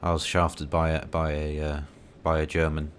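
Deep-voiced man rambling over gameplay. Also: completely flat delivery, normal speed, a little hiss or hum. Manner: rambling, self-mocking, dry asides. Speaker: gaming video creator.

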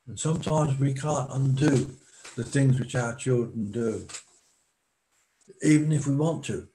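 A man preaching a sermon in a slow, deliberate way, pausing for emphasis. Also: mid-range voice, mellow, slight background noise, poor audio.

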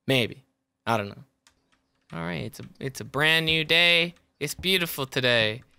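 A man's voice: on the high side, expressive, unhurried, creaky, bright, forceful tone, clean tone. A man giving let's play commentary who swears a lot, yelps when startled and jokes to himself between bursts. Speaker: gaming YouTuber.

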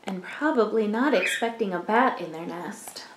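A woman reading a picture book aloud as a library storyteller, gentle and expressive, with asides to young listeners. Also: mid-range voice, normal speed, reverberant, noisy background.

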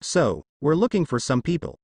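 A man's voice: a little high, very animated, normal speed, darkish tone, no echo, studio quality. A man voicing a squeamish, earnest young male hunter who speaks hesitantly in a fan story reading.

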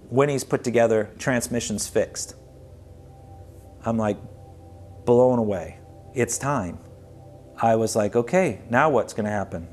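A man's voice: medium pitch, a little hiss or hum. A man narrating his own story for a documentary in an earnest, conversational way, retelling events vividly. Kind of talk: personal storytelling.

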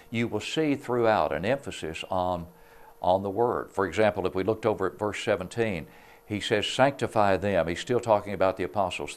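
A man giving a devotional Bible lesson on a religious TV program, speaking in an earnest, measured way. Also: low-pitched. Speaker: preacher. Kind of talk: devotional sermon.

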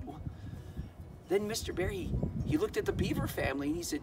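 A man telling a Bible story to children, animated and often doubling back on his words. His voice is very high for a man, and a clear music bed plays behind him. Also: a little fast, pauses often, far from the mic.

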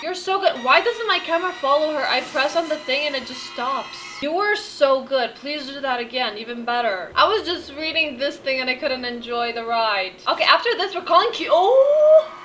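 Bright, high-voiced excitable woman gamer. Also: a little fast, few pauses, a little hiss or hum, low-quality recording. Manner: excitable, chatty, talks to her game characters. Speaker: gaming YouTuber. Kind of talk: casual gameplay commentary.

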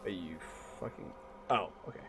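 A young man streaming a video game, chatting casually, swearing and yelling back at what happens on screen. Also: normal speed, background noise. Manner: excitable, profane, talks back to the game. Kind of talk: casual gaming commentary.

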